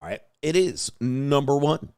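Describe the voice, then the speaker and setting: A man's voice: medium pitch, animated, a little slow, dark tone, smooth, no room sound, studio quality. A man hosting a livestream as a coach, talking in a blunt, emphatic, profane way and reading out chat.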